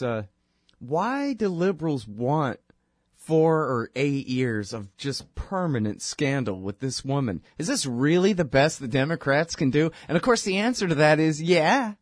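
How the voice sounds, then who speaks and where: A man's voice: medium pitch, no room sound, studio quality. A man hosting a political talk show, rambling sarcastically through the news with lots of fillers. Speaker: radio show host. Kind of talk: casual political talk monologue.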